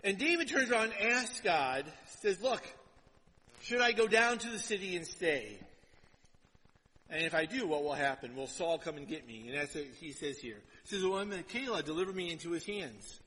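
A man in his fifties preaching a sermon, telling stories with lively acted-out quotes. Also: sits high, normal speed, in a large hall, poor audio. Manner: lively storytelling, acts out quotes. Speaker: pastor.

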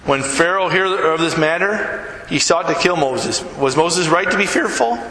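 A man's voice: on the high side, a little slow, a little hiss or hum. A man preaching a sermon as a pastor, telling stories animatedly and acting out the people in them. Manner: animated storyteller who acts out quotes. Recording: echoey hall, faint ambience.

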